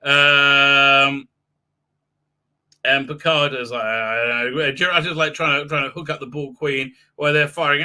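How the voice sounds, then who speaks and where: A man's voice: medium pitch, steady tone, a little slow, pushed and bright. A man hosting a live stream, recapping a TV episode with mocking humor, acting out scenes with silly voices and sound effects, with many hesitant fillers.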